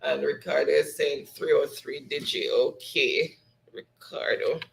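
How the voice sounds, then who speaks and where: A man's voice: mid-range voice, big pitch swings, a little slow, vocal fry. A man hosting a livestream, reading chat comments aloud in a chatty way, laughing often and slipping into patois. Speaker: livestream host. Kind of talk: reading live chat aloud, casual sign-off. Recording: roomy echo.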